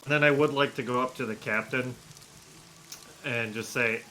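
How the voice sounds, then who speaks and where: Bright-voiced man in a tabletop game. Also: mid-range voice, fairly even intonation, slight background noise, rough recording. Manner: easygoing and halting. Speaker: player. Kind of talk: casual tabletop play.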